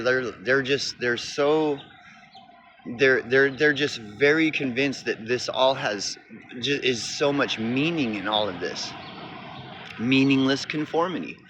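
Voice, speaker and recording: A man from Oklahoma vlogging outdoors beside a road, in a rambling, cynical, profane rant that often restarts. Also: mid-range voice. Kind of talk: casual rant to camera. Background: passing traffic.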